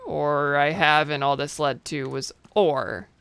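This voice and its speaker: This is a game streamer talking casually through a play session, chatty and self-mocking, with the odd silly made-up word. The voice is bright and lively in tone. It comes through smooth and crisp. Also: mid-range voice, slow pace. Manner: chatty, self-mocking, playful nonsense words. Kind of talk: casual gameplay commentary.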